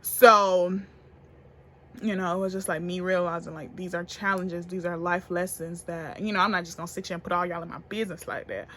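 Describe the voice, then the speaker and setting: A young woman telling a story to camera in a casual, profane, animated way, getting loud and then hushed. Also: lowish voice, brisk. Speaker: beauty vlogger.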